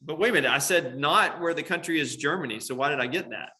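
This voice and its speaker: A man's voice: fairly high pitch, fast talker, pushed and bright. A male computer science teacher explaining a coding demo to his class step by step, with frequent "um" and "right?" checks. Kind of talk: classroom lesson on screen.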